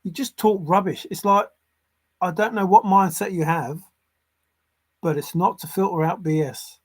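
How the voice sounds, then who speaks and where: A man's voice: high-pitched, unhurried, long pauses, slightly rough. A man giving unscripted solo commentary as a treasure-hunt vlogger, sarcastic and exasperated, swearing and repeating phrases for emphasis.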